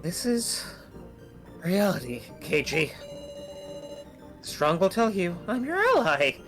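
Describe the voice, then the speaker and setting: A woman's voice: fairly low pitch, very animated, takes it slowly, over music. A woman voicing a menacing villain who preaches that the strong survive, delivered theatrically. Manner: theatrical, rising to a shout.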